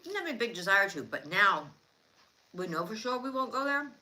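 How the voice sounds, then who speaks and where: Middle-aged woman, livestream co-host, very lively intonation, bright tone, chats between bites. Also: mid-range voice, a little fast. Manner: talks between bites, lively and matter-of-fact. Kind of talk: casual livestream chat while eating.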